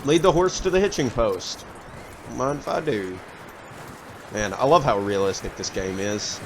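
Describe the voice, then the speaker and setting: Excitable streamer man with lively pitch. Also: a little slow, noisy background. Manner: excitable, swears freely, reacts to the story. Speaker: gaming streamer. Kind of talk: let's play commentary.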